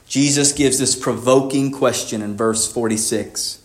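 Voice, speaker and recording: A man as pastor, preaching a sermon, moving between low measured passages and emphatic raised lines. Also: fairly even intonation, echoey room.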